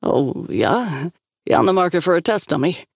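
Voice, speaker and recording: A woman's voice: on the low side, sing-song, normal speed, vocal fry, breathy edge, dry recording, clean studio sound, exaggerated voice. A woman voicing an eager, boyish young man who gets flustered easily.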